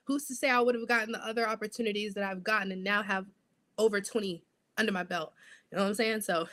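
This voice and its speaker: A young adult woman, a sideline reporter, telling her story as an interview guest in an animated, lively way. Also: fairly high pitch.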